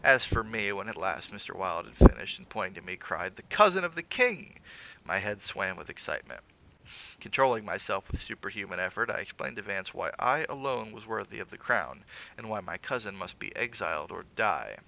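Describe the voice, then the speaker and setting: Male reader, low gravelly voice with a bright edge, theatrical measured horror narration. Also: poor audio. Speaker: streamer reading aloud. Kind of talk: dramatic reading of a classic horror story.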